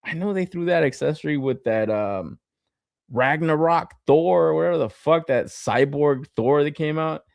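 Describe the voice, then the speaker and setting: A man's voice: fairly high pitch, moderate pace, gravelly, dry recording. A man co-hosting a toy collecting podcast, chatting casually and swearing constantly as he reviews an action figure. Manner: profane, animated, laughs often. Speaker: podcast co-host.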